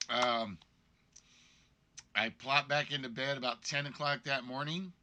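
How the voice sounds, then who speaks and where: Sick with a cold, a man hosts a game show livestream, his congested, weakened voice carrying a rambling, apologetic story in a casual chat. He keeps a medium pitch and a steady, sharp tone, never hurrying.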